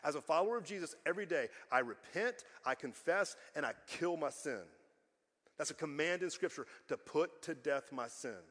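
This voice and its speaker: A man's voice: a little high, animated, normal speed. Emphatic preaching man in a reverberant hall. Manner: emphatic, repetitive preaching, swings from loud to hushed. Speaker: pastor. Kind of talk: sermon. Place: church sanctuary.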